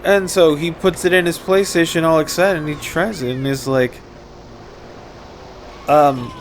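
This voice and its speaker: A man's voice: on the high side, normal speed, slight background noise. A young man rambling and joking with profanity while commenting on a game. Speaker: gameplay commentator.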